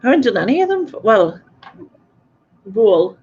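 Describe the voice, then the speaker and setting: A woman's voice: on the high side, big pitch swings, normal speed, a little mellow, husky. A woman hosting a livestream in a casual chat, giggling often between remarks. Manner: giggly, chatty, laughs often. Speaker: livestream host. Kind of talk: casual chat reading live comments. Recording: dull lo-fi stream audio.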